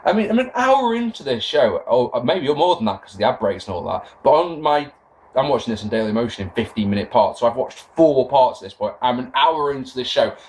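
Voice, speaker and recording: A man's voice: mid-range voice, fairly quick. A young man recapping a wrestling show in a casual, sarcastic rant, swearing as he goes. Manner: sarcastic, swearing, animated rants. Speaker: wrestling podcast host.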